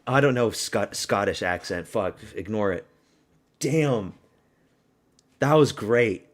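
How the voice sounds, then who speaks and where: A man hosting a fight watch-party stream, giving excitable, profane live reactions and yelling at the screen. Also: on the low side, slow.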